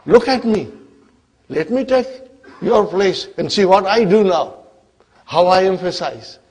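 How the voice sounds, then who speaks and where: A man's voice: a little high, lively intonation, unhurried, darkish tone, husky. A man playing a boastful bossy grammar particle. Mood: scornful. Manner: scornful, boasting, raised and emphatic.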